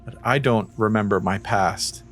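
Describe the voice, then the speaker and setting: A game master narrating a tabletop game scene, describing it in a relaxed way and laughing easily. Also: mid-range voice, moderate pace, faint music behind.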